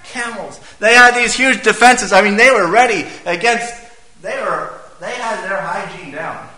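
A man's voice: high voice, measured pace, pushed and bright. A man preaching a sermon in a church, talking conversationally and putting questions to the congregation. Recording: echoey church room.

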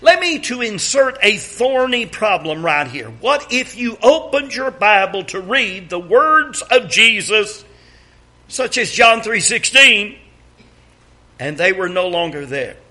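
A man delivering a sermon in a high, bright voice. He speaks slowly and deliberately, reading scripture aloud and pressing the congregation with emphatic rhetorical questions. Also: sing-song. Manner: reads scripture aloud, asks congregation to read along. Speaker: preacher.

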